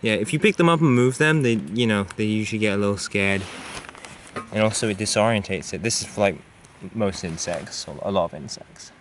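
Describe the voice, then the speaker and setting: A man's voice: on the low side, brisk, fairly bright tone, a little hiss or hum. A man vlogging outdoors on an uphill trail, slightly out of breath, rambling with lots of fillers, recorded on a handheld camera. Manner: rambling, musing, with filler words. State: panting from climbing uphill. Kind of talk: casual talk while hiking.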